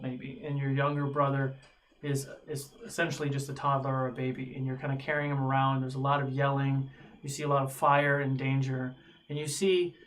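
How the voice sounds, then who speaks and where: A man narrating a tabletop game as game master, pausing often with ums and uhs. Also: mid-range voice, fairly bright tone, slight background noise, poor audio. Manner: halting, many ums and uhs.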